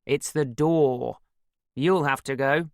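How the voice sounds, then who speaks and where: A narrator voicing a teasing, easygoing husband in an audiobook, with a wry, joking way of talking. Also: male voice, medium pitch, takes it slowly, dry recording, clean studio sound. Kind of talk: audiobook character voice.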